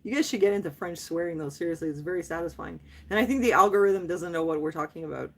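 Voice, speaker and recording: Fifty-ish lady on a livestream, kinda raspy, chatty and jokey, tosses in french bits. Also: lowish voice, quick pace. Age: 50s. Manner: chatty and playful, often laughing, mixes in French phrases. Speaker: livestream host chatting with viewers. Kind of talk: casual live chat.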